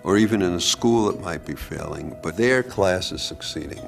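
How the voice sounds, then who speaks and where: A man with a very deep voice and a gravelly edge of fry speaks as an education commentator. He explains things in a measured, even way for a documentary. Faint music runs under his words. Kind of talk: documentary interview.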